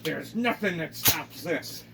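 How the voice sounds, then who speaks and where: A hefty, hot-tempered homeowners' association president, swearing and making threats as she comes back armed for more , put on by a man. The voice reaches the mic from a distance. Loud background ambience sits under every line. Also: a little high, lively intonation, slow pace, vocal fry, background noise, heavily acted. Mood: menacing. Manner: threatening, swearing, tough-talking. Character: angry hefty middle-aged female HOA president with guns.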